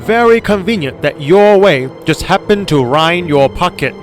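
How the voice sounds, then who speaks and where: A man doing a stern, ominous old grandmother from a video game, her words slow, grave and cutting. She sounds set on a dark plan. A soft music bed sits faintly behind her. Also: sits high, animated, voice pushed up.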